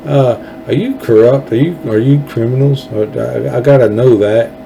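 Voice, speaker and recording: A man's voice: mid-range voice, moderate pace, creaky, warm tone, slight background noise, low-quality recording. A man hosting a political podcast, rambling and sarcastic, with many fillers and restarts.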